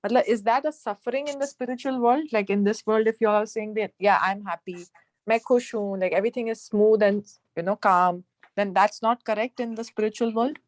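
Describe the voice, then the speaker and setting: A woman's voice: fairly high pitch, fairly quick, dry recording. A woman asking questions in a class discussion, mixing in Hindi phrases. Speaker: class participant.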